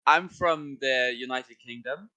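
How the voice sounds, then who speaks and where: A man from Wales, a guest streamer telling candid, animated stories in casual chat. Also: mid-range voice, unhurried, low-quality recording.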